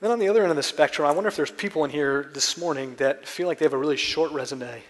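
A man's voice: a little high, fast, long reverb tail. A man preaching a sermon in a church, with an earnest, conversational manner of telling stories. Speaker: pastor.

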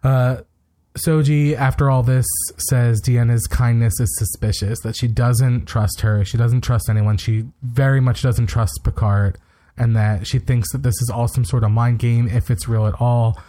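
A man in an easygoing podcast chat, running through a recap at a lively clip and tossing in blunt opinions. His pitch sits right in the middle for a man's voice, and the delivery stays loose and conversational. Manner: brisk, opinionated retelling with quick asides. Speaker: podcast co-host.

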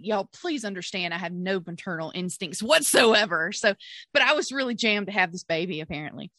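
A woman co-hosts a podcast, telling a story in casual chat with a brisk, mid-range voice. She laughs often and acts out what she and others said, an animated storyteller voicing her own quotes. The studio sound is clean with no echo.

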